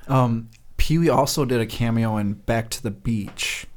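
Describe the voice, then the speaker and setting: A man co-hosting a podcast in casual chat, animated and swearing, laughing often and slipping into character voices. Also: medium pitch, measured pace, heavy background noise. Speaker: podcast co-host.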